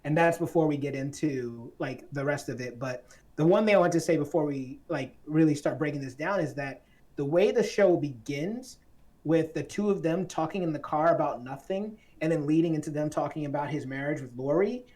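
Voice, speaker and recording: A woman's voice: low voice, fairly quick, dark tone. A woman from Atlanta, hosting a casual film discussion podcast in a playful, chatty way. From Atlanta, Georgia. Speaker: podcast host.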